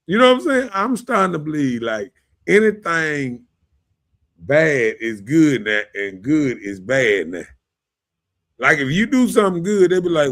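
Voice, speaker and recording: A man, hosting a podcast in casual opinion talk, animated, often asking "you know what I'm saying" and laughing. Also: on the high side, normal speed. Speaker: podcast host.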